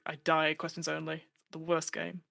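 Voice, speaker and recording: A woman guest on a podcast chatting casually, animated and given to acting out the voices she quotes, with plenty of fillers. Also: deep voice, moderate pace, gravelly, dry recording.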